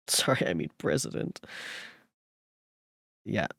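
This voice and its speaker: A man reads a novel aloud in a relaxed, low voice, stumbling now and then and correcting himself. The recording is close and dry, with no room echo. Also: takes it slowly, creaky, slightly rough. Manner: relaxed, with small slips and self-corrections. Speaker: streamer reading a novel aloud. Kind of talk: casual read-aloud with commentary.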